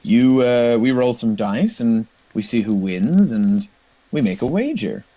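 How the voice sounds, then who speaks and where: A man's voice: medium pitch, animated, unhurried, mellow, poor audio. A man voicing a smug, sneering middle-aged wizard in a tabletop game. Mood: haughty. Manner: sneering, haughty.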